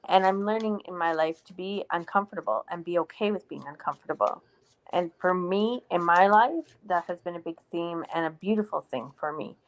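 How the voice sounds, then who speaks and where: A woman's voice: fairly low pitch, a little fast. Earnest woman co-hosting a live chat. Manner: earnest, reflective, reads out viewer comments. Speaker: co-host of a live stream. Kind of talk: casual live-stream chat.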